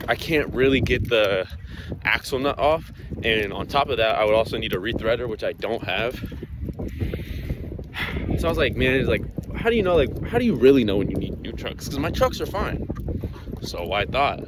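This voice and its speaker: A man's voice: mid-range voice, big pitch swings, moderate pace, noisy background. A young man talking casually to camera as a skateboarding vlogger, rambling and swearing. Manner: swears a lot, exasperated rambling. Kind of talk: casual vlog talk to camera.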